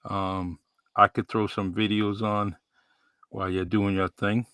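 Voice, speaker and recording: A man with a New England accent hosting a podcast in a relaxed, rambling way with many fillers. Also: lowish voice, measured pace, smooth, dry recording. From New Bedford, Massachusetts. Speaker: podcast host. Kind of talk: casual live-stream chat.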